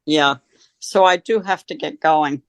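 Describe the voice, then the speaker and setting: Deep husky-voiced woman, dry sound. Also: a little slow, dry recording. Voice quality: deep, husky voice changed by throat illness. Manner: candid, laughs easily. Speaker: guest. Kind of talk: casual chat over a remote call.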